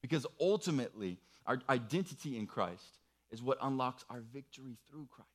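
An earnest man preaches to a young audience in a mid-pitched voice. He walks them through a worksheet with patient, encouraging instructions. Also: animated, fairly quick. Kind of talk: sermon with worksheet activity.

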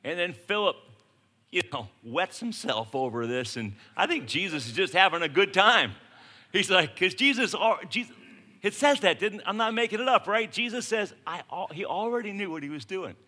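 A man preaching a sermon in a casual, conversational way, swinging from hushed lines to shouted ones. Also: high-pitched, animated, normal speed. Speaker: pastor.

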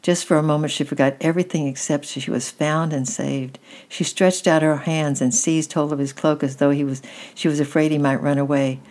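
A woman gently reading a children's story aloud at an unhurried pace. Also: low voice, fairly even intonation.

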